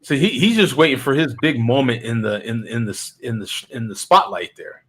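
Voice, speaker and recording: A man hosting a casual online talk show over a video call, chatty and quick to laugh. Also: medium pitch, fairly bright tone, husky. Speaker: show host. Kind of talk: casual chat.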